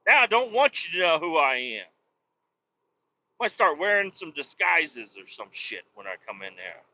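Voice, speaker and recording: Profane rambling man, bright voice. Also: a little high, muffled recording. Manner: profane, complaining, self-mocking. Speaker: podcast host. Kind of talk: casual rambling monologue while driving. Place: vehicle on the road.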